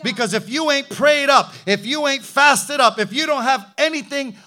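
A man's voice: extremely high pitch, normal speed, pushed and bright. A man preaching a sermon in an emphatic, rhetorical way, calling out hallelujah and asking for an amen.

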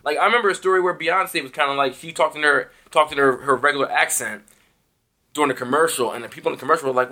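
Fast, bright-voiced fired-up male podcaster. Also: a little high, lively intonation. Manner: heated, emphatic, swears often. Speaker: podcast co-host. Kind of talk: casual music discussion.

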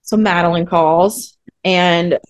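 A woman's voice: fairly low pitch, takes it slowly, a crowd in the background. A woman co-hosting a podcast, recapping a TV episode in casual chat with sarcastic asides. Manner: animated, sarcastic asides, acts out quotes. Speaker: podcast co-host.

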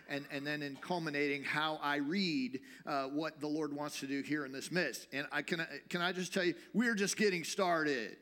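A male pastor preaching a sermon in a church, talking in a lively, conversational way and teasing the congregation. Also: on the high side. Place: church sanctuary.

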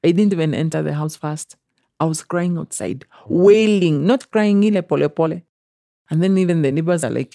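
Young Kenyan woman, guest storyteller, warm mellow voice, dry close sound, lively quoted voices. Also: deep voice, moderate pace, gravelly, dry recording. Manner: animated, acts out quoted voices, mixes in Swahili. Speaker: interview guest. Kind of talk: emotional personal storytelling.

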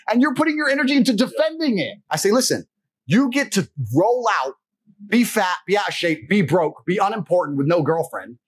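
Husky, lively-voiced man lecturing bluntly. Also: high voice. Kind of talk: forceful monologue.

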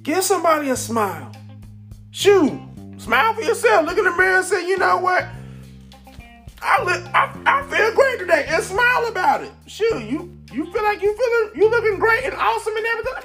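A man hosting a casual, upbeat motivational talk, rambling excitedly with lots of fillers. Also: very high voice, fairly quick, music in the background. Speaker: podcast host. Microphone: camera mic.

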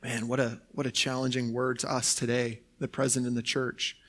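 A man's voice: medium pitch, level tone, normal speed, fairly bright tone. A young adult man who is a pastor, preaching a sermon in a conversational way, often saying "like" and "right?".

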